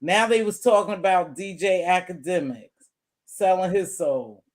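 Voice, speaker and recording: A woman hosting a relaxed group conversation, telling stories and acting out what people said in lively quoted voices. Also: fairly low pitch, measured pace. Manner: animated storyteller acting out quotes. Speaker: host. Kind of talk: casual chat.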